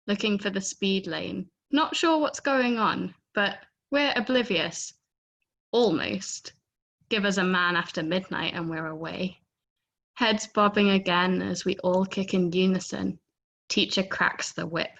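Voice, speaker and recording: A woman reading a poem aloud on a video call, giving the quoted lines lively voices. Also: medium pitch, vocal fry. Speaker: poetry reader.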